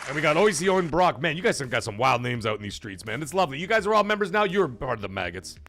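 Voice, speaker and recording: A man's voice: on the high side, big pitch swings, quick pace, crowd noise. A man hosting a casual live stream who jokes, swears loosely and reads viewer messages aloud. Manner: chatty, joking, loose and profane. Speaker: livestream host.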